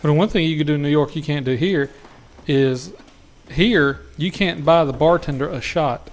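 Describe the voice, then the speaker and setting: A man's voice: fairly high pitch, normal speed. A man making laid-back, joking remarks in a casual drinking chat with friends. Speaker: podcast co-host.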